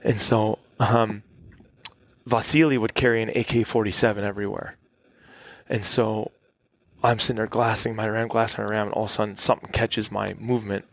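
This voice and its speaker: Man, gravelly voice, lively storyteller, acts out quotes, dry close sound. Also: on the low side, brisk, no echo. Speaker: guest hunter. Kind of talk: casual storytelling. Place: cabin.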